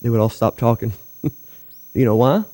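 Delivering an emphatic sermon full of rhetorical questions, a man addresses his church congregation in a warm, medium-pitched voice at normal speed. The church hall's long reverb carries his words.

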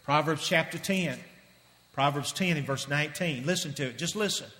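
A man preaching a sermon in a high, bright, ringing voice. He hammers his points with repetition and drops suddenly from loud declarations to near-hushed asides. His voice carries a long echo, as if recorded in a large church sanctuary. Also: moderate pace. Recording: long reverb of a large hall.

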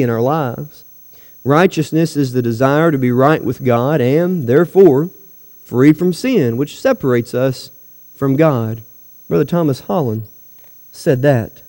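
A man's voice: on the high side, darkish tone. A man preaching a sermon to his church, emphatic and full of rhetorical questions to the congregation. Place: church hall. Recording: long hall reverb.

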